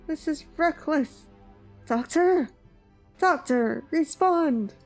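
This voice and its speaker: A woman's voice: high voice, little pitch movement, slow pace, a little mellow, faint music behind, pitched above the performer's own voice. A woman voicing a formal male mission controller in a story game, giving clipped, urgent commands.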